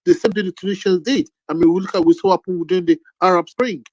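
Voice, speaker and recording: Brief: male co-host, fast, calming, rambling, high voice. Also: no room sound, rough recording. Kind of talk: live debate.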